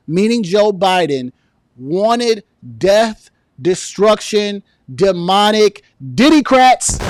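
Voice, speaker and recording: A man rants through a political commentary with a high-pitched voice. The sound is dry and close, with no room around it. He is indignant and sarcastic, piling one point onto the next. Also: dry recording. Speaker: commentary vlogger.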